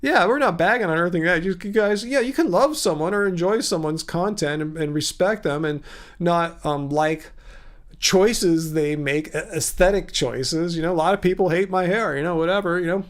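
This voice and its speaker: Here a man in his fifties hosts a laid-back livestream, sounding worn out as he rambles and answers commenters by name. His voice is high-pitched and his speed is normal.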